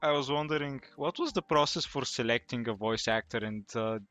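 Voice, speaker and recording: A woman's voice: extremely low pitch, brisk, fairly bright tone, dry recording. A woman co-host asking a question hesitantly, with many fillers. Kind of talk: casual interview question.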